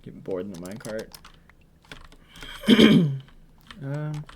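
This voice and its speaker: A man's voice: mid-range voice, sing-song, slow pace, creaky, husky. Rambling man commentating gameplay. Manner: rambling, thinking aloud with many ums.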